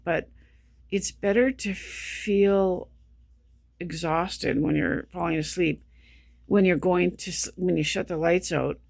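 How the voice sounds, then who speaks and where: A vlogger with a medium-pitched, creaky voice delivers a casual monologue while exhausted, sleep-deprived, and feeling sick. They ramble and repeat themselves, restarting sentences again and again, in a studio-quality recording with no echo.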